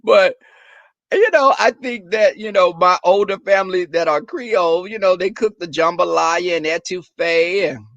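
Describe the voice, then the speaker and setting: Male stream host, sassy and profane, slightly high voice, dry sound. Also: normal speed, a bit bright, dry recording, muffled recording. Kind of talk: casual chat with viewers.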